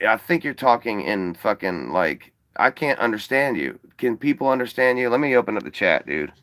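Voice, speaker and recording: A man's voice: on the low side, sing-song, moderate pace, fairly bright tone. A man hosting a livestream, chatting casually and bluntly with callers, joking and swearing freely. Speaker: livestream host. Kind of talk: casual profane livestream chat.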